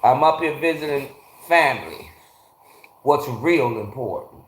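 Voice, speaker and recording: A man's voice: mid-range voice, animated, a little slow. Profane, ranting man in an echoey garage. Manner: blunt, profane ranting, greeting chatters by name. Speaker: livestream host. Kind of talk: casual livestream chat with viewers.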